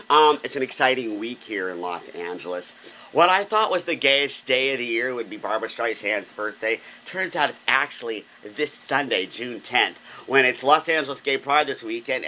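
A man's voice: medium pitch, sharp tone. A man hosting a comedic vlog, flamboyant and gushing, recorded on a phone. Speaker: vlogger host.

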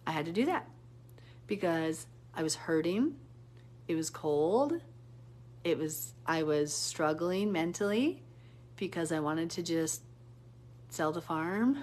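A woman chatting casually on a live stream, answering comments and telling a rambling, animated story. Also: a little hiss or hum. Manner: animated storytelling with sudden pitch jumps. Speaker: Bible teacher hosting a live stream.

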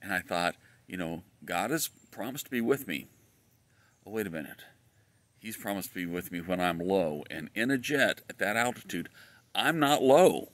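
A pastor delivers a relaxed sermon outside in his backyard. His voice is a little low and very bright, and he tells folksy stories with easy filler words. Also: moderate pace, no echo. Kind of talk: casual outdoor sermon. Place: home backyard, outdoors.

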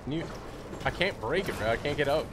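A man's voice: mid-range voice, lively intonation, brisk, very noisy. Playful man streaming a game. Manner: playful, chatty, reads out chat. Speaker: gaming streamer. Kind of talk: casual gaming chat.

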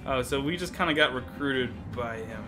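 A man's voice: medium pitch, normal speed. A man hosting a casual let's-play video with a friend, playful and jokey, with game music behind. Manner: playful, jokey, giggly banter.

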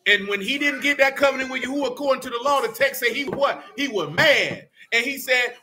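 A man leading a Bible study in a folksy, animated preaching style, quizzing his listeners and calling them "boy" and "man". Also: very high voice, brisk, hardly any pauses, slight background noise.

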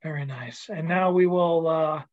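A man's voice: fairly high pitch, normal speed. Man hosting over muffled call audio. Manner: stumbling, self-deprecating. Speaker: open mic host. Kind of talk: casual hosting. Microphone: video call.

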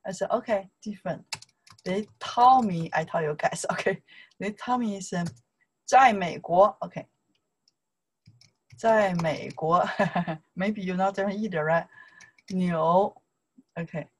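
Slow Chinese-accented woman teaching Mandarin. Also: lowish voice, husky, poor audio. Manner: slow, repetitive drilling with broken English asides; chatty, laughing, teacherly. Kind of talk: online Mandarin lesson.

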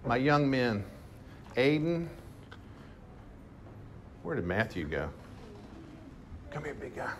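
A man preaching to his congregation, telling his story with lively bursts of emphasis. His voice sits in an ordinary middle range. A faint room hum runs under his words. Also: medium pitch, slow pace, pauses often. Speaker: pastor. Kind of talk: sermon. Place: church hall with congregation.

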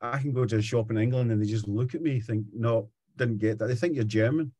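A man's voice: medium pitch, quick pace, no room sound. A middle-aged Scottish man, a musician guest, chatting and telling stories in an interview. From Scotland. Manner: chatty, animated storytelling. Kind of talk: casual interview chat.

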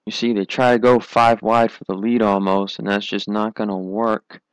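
A man's voice: fairly low pitch, no room sound, muffled recording. A young man giving solo play-by-play commentary on a sim racing league, running through positions and replays. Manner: calls positions and replays, rising excitement at restarts.

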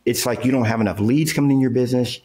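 Speaking rapid-fire with a dark tone, a mid-range male real estate entrepreneur and coach makes his points emphatically as an interview guest. He keeps it casual, leans on everyday examples, and repeatedly checks in with "okay" and "right."

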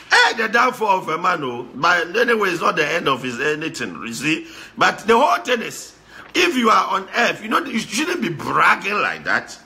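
A man with a Ghanaian accent giving lively, repetitive casual commentary, slipping between Pidgin and Twi. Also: high-pitched, normal speed, a little hiss or hum.

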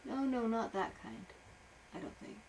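A woman improvising a story for a young child at home, animated, with playful sound effects and soft asides. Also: fairly high pitch, normal speed, very noisy.

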